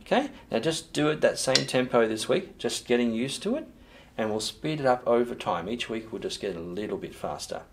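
A man's voice: medium pitch, a little fast, gravelly, few pauses, background noise. A man teaching a recorded percussion lesson, explaining technique patiently and counting in before calling out patterns. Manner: calls out sticking patterns loudly over drumming, then explains calmly. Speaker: music teacher. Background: drum playing.

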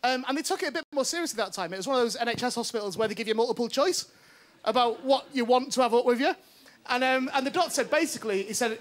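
A male comic does a stand-up set on a TV studio stage. His voice sits high and swoops a lot as he tells his story. He keeps checking in with the crowd. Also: very fast. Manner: animated, self-mocking storytelling with frequent "right?". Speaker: stand-up comedian. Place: TV studio stage before an audience.

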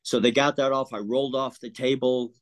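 A man in his sixties telling a personal story in an interview, earnest and emotional, often clearing his throat. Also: medium pitch, steady tone. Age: 60s. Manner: earnest, emotional, halting with restarts. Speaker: interview guest.

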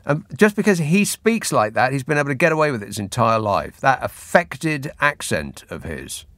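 Male talk-radio host, lively sardonic delivery, dry studio sound. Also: mid-range voice, normal speed, dry recording. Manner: wry, exasperated and sardonic. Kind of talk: late-night phone-in talk. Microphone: studio mic.

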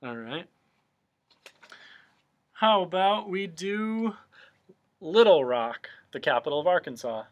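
Slow, patient male handwriting teacher. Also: high-pitched, sing-song. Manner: patient, step-by-step explaining. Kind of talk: remote handwriting lesson.

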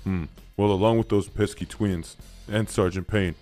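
A man voicing a grateful, reassuring male police chief in a game role-play, in a calm lowered voice. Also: normal speed, soft background music, natural voice.

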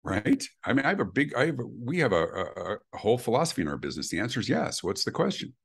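A man's voice: medium pitch, sing-song, fast, vocal fry, fairly bright tone, breathy edge. A middle-aged man speaking intensely and emphatically as an interview guest on customer experience. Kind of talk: animated interview answers.

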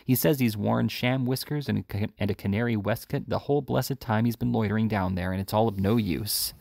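Brief: man reading a gruff, low-voiced brutish burglar for a storybook, dry close sound. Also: a little fast, a little mellow, no room sound. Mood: surly. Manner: blunt and gruff. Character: brutish adult male housebreaker, surly and short-tempered.

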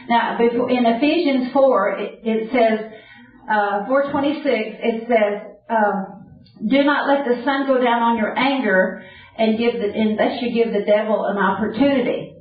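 A woman preaching an earnest sermon and quoting scripture directly. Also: fairly high pitch. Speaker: Bible teacher. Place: camp meeting hall. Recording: distant, echoey, phone-like lo-fi.

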